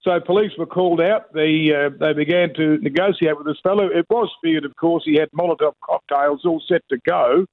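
A man reports to a radio host in a relaxed chat, often stopping to search for words. His voice sits slightly high and sounds thin and tinny, as if on a phone line. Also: brisk, hardly any pauses. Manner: chatty, with frequent fillers and restarts. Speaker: radio correspondent.

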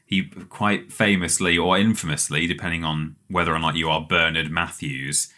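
A man's voice: low-pitched, steady tone, normal speed, pushed and bright. A man co-hosting a casual podcast, telling long anecdotes with laughing asides. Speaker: podcast co-host.

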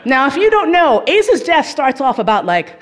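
A woman telling a comic story, swearing freely and laughing as she goes, with lively swings in her voice. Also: high voice, moderate pace, some chatter behind. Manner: profane, laughing through the telling.

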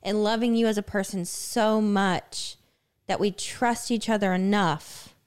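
A woman's voice: medium pitch, steady tone, measured pace, clear, resonant tone. A woman co-hosting a casual reaction chat, talking earnestly and reflectively. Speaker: co-host reacting to a clip.

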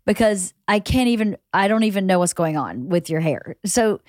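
A woman in her fifties hosting a casual conversation, chatty and quick to agree. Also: mid-range voice, animated, a little mellow, no echo, studio quality. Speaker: podcast host.

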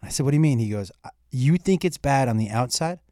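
Animated man telling a story, dry sound. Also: mid-range voice, fast, no room sound. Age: middle-aged. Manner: animated storyteller, acts out dialogue, profane. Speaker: comedian guest. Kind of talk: casual storytelling chat.

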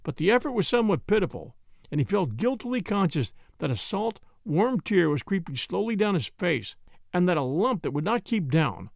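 A man narrating a classic story in a measured, expressive audiobook reading. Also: sits high, creaky, dry recording, studio quality.

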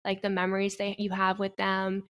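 A woman's voice: mid-range voice, monotone, moderate pace, fairly bright tone, smooth. A young adult woman guest in an interview, speaking earnestly and telling heartfelt stories. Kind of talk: personal interview conversation.

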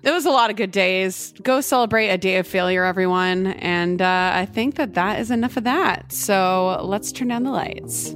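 A woman's voice: mid-range voice, normal speed, hardly any pauses, fairly bright tone, faint music behind. A woman co-hosting a true crime podcast, chatting and laughing easily. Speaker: podcast co-host. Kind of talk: casual chat.

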